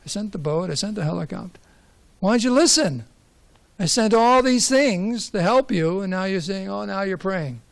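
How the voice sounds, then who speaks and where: A man's voice: high-pitched, animated, moderate pace, creaky. A man voicing God as a patient, reproachful male figure in a told story. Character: God, calm male voice chiding a stubborn man.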